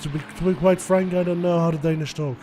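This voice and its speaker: A man's voice: on the high side, steady tone, fast talker. A man giving chatty, analytical live commentary on a sim race, laughing often. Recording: noisy with race car sound behind.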